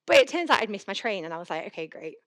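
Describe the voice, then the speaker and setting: Fast-talking woman giving a talk. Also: medium pitch. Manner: chatty, animated, acts out her own inner voice. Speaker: conference speaker. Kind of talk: conference talk with anecdotes. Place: conference hall.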